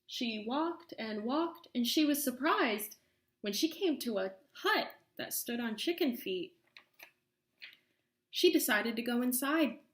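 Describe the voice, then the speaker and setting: A woman with a somewhat high voice reads a children's storybook aloud, drawing out lines for suspense. The sound bounces around an echoey room. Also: expressive, slow, a bit bright. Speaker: storyteller reading a children's book. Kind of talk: read-aloud story narration.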